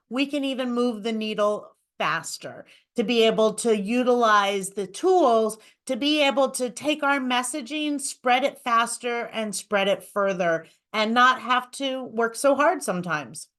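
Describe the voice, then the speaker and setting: A woman's voice: on the high side, expressive, a little slow, hardly any pauses, a bit bright. Upbeat woman co-hosting a webinar. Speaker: webinar co-host. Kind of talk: casual presentation.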